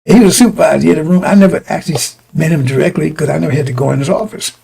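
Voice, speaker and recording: A man's voice: on the high side, racing, gravelly, mellow, breathy edge, poor audio. A middle-aged man preaching informally to his congregation, blunt and profane, rambling through personal stories with many restarts.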